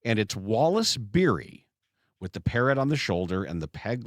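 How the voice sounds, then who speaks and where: A man's voice: on the low side, sing-song, normal speed, no echo, clean studio sound. A man hosting a casual podcast chat, talking with lots of animation and slipping into pirate voices now and then. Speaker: sports radio host.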